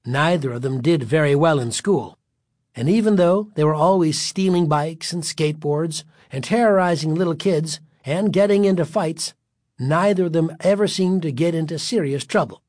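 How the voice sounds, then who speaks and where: Guy reading a kids story, kinda high voice, dry close sound. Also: moderate pace, darkish tone, no echo. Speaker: narrator. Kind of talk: storybook narration.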